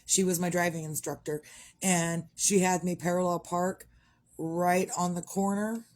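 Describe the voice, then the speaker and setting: Lady in her middle years, lowish voice, rambling and blunt, swears a lot. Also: steady tone, unhurried, a little mellow. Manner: frank, rambling, swears freely. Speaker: vlogger. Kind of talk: candid casual monologue.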